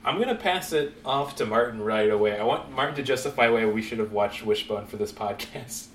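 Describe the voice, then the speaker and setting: A man hosting a casual podcast, chatting in an animated, jokey way and laughing often. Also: mid-range voice, brisk. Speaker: podcast host. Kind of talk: casual chat. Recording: roomy echo, faint background noise.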